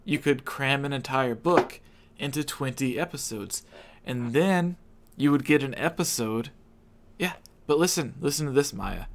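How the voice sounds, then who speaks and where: Male streamer host, middle pitch, playful and teasing, loose chat. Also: a little slow, a little hiss or hum. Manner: joking, teasing. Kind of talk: casual livestream chat.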